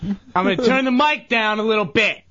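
A radio show producer, a man, talking loudly and yelling in casual radio banter. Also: high-pitched, fairly quick. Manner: loud, worked-up and yelling. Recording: dull sound with clear background noise.

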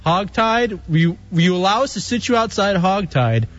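A man's voice: high-pitched, big pitch swings, moderate pace. A male radio host bantering, playful and mock-stern as he teases a colleague. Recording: dull radio broadcast with faint music.

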